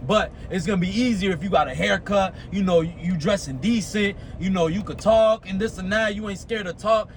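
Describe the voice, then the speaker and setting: High-voiced profane American man, motivating. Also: moderate pace, hardly any pauses, a little hiss or hum. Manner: profane, streetwise, repeats "you know what I'm saying". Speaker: motivational speaker. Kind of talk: casual motivational talk.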